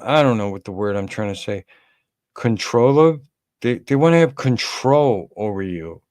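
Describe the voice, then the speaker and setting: A man talks casually on a livestream podcast, rambling and calling out viewers by name. His voice is smooth and clear, and he speaks slowly and unhurriedly. The sound is dry and close, with no room echo. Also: medium pitch. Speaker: podcast co-host.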